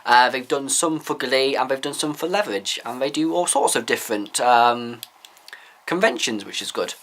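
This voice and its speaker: A man's voice: mid-range voice, normal speed, a bit bright. A man giving candid, opinionated views in a rambling casual vlog. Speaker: vlogger.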